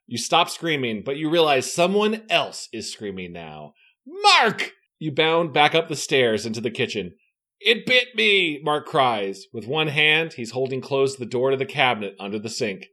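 A man's voice: mid-range voice, lively intonation, normal speed, few pauses, a bit bright. A man reading a choose-your-own-adventure book aloud with theatrical flair and jokes. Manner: theatrical, jokey. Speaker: host reading a gamebook aloud. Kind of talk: dramatic read-aloud with banter.

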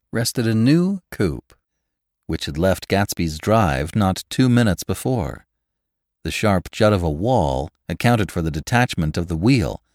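Expressive male audiobook narrator; low, lively pitch, dry booth sound. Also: no room sound. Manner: expressive, shifts voice for each character. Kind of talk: scripted narration of a classic novel.

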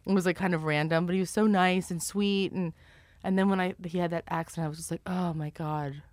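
A woman comedian co-hosting a podcast, chatting casually and reacting eagerly with quick exclamations. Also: lowish voice, fairly even intonation, a little mellow, no room sound, clean studio sound. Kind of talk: casual chat.

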